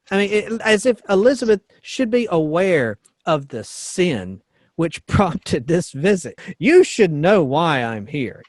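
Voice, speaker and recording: A man talks casually about a story he loves, stopping to read passages aloud and adding chuckling asides. His voice sits a little high for a man. The sound is dry and close to the mic. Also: no room sound. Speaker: pastor and podcast co-host. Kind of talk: casual book discussion.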